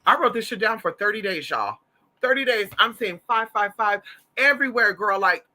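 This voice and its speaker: A man from Southern Louisiana hosting a casual livestream, telling stories in an animated, campy, profane way while reading the chat. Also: high voice, normal speed. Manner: animated, campy, profane, calls listeners y'all and honey.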